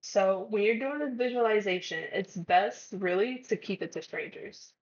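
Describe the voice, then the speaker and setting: A chatty woman speaks casually to her viewers, giving advice in a relaxed vlog. Her voice sits at a middling pitch, and the audio is a touch dull and lo-fi. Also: moderate pace. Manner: chatty, acts out conversations. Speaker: vlogger.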